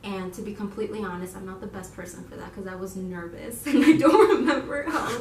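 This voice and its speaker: A young woman co-hosting a casual video, telling her story to viewers in an animated, giggly way and quoting herself in excited voices. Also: mid-range voice, fairly quick, over a noisy crowd. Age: young adult. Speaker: YouTube channel co-host. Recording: roomy echo, voice from a distance.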